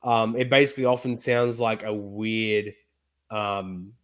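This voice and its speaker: A man's voice: on the low side, little pitch movement, unhurried. A man with an Australian accent, a guest on a video call, telling stories in a chatty, rambling way. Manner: chatty storyteller, rambling with fillers. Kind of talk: casual interview chat.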